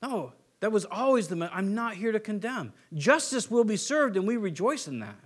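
A man preaching a sermon, animated, acting out quick voices of biblical figures and swinging between soft and emphatic delivery. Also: high voice. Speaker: pastor.

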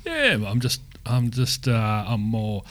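An Australian man co-hosting a podcast in casual chat, rambling in quick banter and often restarting his sentences. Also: medium pitch, huge pitch swings, a bit bright. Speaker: podcast co-host.

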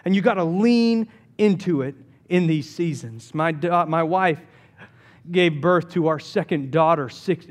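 A man preaching a sermon as pastor, telling stories with playful jokes. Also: a little high. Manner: animated storytelling with jokes.

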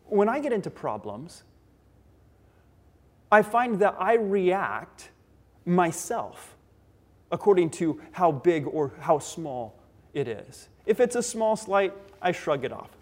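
A man preaching a sermon, earnest, slowing down and speeding up and getting louder or softer for emphasis. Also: sits high, big pitch swings. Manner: earnest, varies pace and loudness for emphasis. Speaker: pastor.

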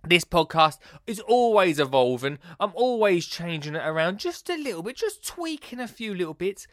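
Excitable man hosting a podcast. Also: sits high, moderate pace, dry recording, clean studio sound. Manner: excitable and rambling, bursts into sing-song and laughs at himself. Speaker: podcast host. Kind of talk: casual chat.

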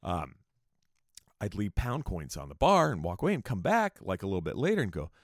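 American guy, low voice, rambly and sweary, goes off on tangents, lots of ups and downs in his voice. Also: a little fast, no room sound, studio quality. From United States. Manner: profane, rambling, swings into animated rants. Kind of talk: casual storytelling.

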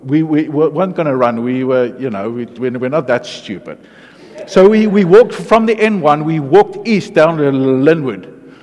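A man delivers a testimony sermon with a fairly high voice. He tells his story in a lively way, dropping into hushed asides and then building to excited, loud bursts. The sound rings out with the long reverb of a large hall. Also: normal speed. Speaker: preacher.

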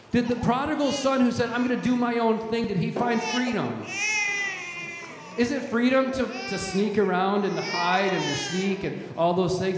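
A man's voice: high-pitched, noisy background. A man preaching a sermon as pastor, emphatic and repetitive, often restarting his words. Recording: echoey hall, strong reverb.

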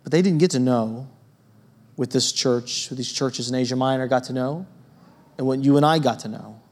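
A man preaching a sermon in a church, conversational and lively, with a storytelling manner and frequent asides to his listeners. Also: mid-range voice, moderate pace. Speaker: pastor.

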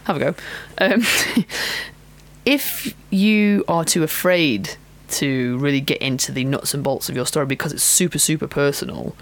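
A woman's voice: deep voice, unhurried. A woman who coaches pole dancers, hosting a casual solo podcast in a chatty, frank way, with self-mocking laughs and many fillers.

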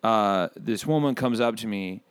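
A man playing a brash, excitable bird who hosts a comedy podcast, rambling through profane, pun-filled stories. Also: fairly low pitch, measured pace, clear, resonant tone, no room sound. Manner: rambling, profane, punning, riffs on asides. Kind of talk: comedic character monologue.

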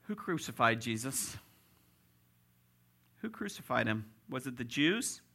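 Bright-voiced pastor preaching emphatically. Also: male voice, medium pitch, sing-song, unhurried, vocal fry. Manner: rising to loud emphatic peaks; direct, addresses congregation as folks. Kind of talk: sermon.

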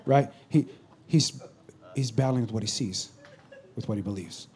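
A pastor preaching a sermon, swinging from loud urgent bursts to low confiding asides. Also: male voice, moderate pace, a little hiss or hum.

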